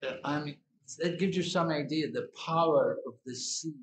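A man giving an evening sermon as a swami, speaking slowly and deliberately with repetitions and asides. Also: fairly high pitch, a little hiss or hum. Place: hall at an evening gathering. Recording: echoey hall.

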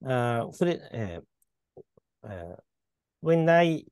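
A man's voice: medium pitch, sing-song, takes it slowly, darkish tone, clear, resonant tone, no echo. A man whose first language is Japanese, an adult student in an English lesson, speaking hesitantly and searching for words. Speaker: adult English student, business school head. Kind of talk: casual English lesson practice.

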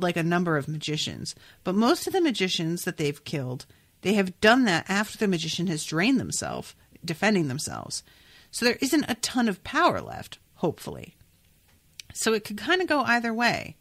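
A woman hosting a podcast, chatting casually about a book and reading passages aloud, thinking out loud with lots of fillers. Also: medium pitch. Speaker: podcast host.

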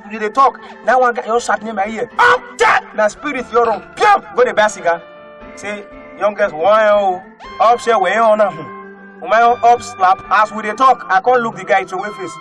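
A male comedian with a Nigerian Pidgin English accent, telling animated comic stories and often breaking into shouted put-on voices. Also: high-pitched. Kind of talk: stand-up comedy storytelling. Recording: faint music behind.

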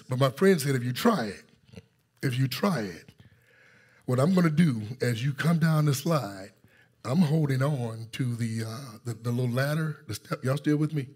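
A male pastor preaching a sermon, telling a story and calling out to his congregation, rising to excited intensity. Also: mid-range voice, slightly rough. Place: church sanctuary.

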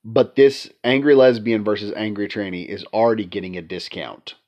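A man's voice: on the low side, fairly even intonation, moderate pace. A man with a stuffy nose from allergies, hosting sarcastic casual commentary on video games and repeating his points for emphasis. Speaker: commentary channel host. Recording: dull lo-fi sound.

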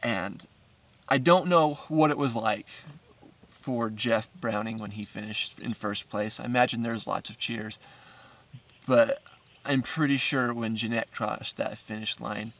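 Halting, gravelly-voiced man telling a story. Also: medium pitch, steady tone, fairly bright tone, far from the mic. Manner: halting, repeats words, laughs between phrases. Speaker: filmmaker narrating his documentary. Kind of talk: casual first-person storytelling.

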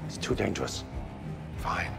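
An actor playing a stern, commanding sorcerer in a film trailer, his voice gravelly and clipped. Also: low-pitched, a little slow, loud music behind the voice. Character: stern commanding male sorcerer, middle-aged. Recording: loud trailer score under voice.

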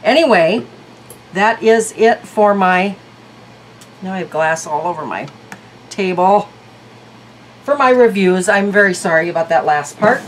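A woman's voice: medium pitch, a little hiss or hum, rough recording. A woman reviewing beauty products in a casual vlog, chatty and thinking aloud. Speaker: beauty vlogger.

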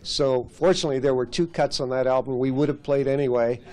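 A man's voice: medium pitch, quick pace. A man, a former radio broadcaster, telling an anecdote at a restaurant gathering and acting out the dialogue as he goes. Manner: lively storyteller acting out quoted dialogue.

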